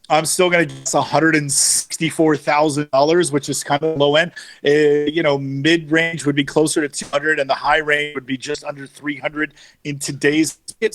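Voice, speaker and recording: A man's voice: on the high side, fairly bright tone. Upbeat man talking car specs. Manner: knowledgeable, states numbers and specs. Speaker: co-host of a car auction show. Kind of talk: casual chat.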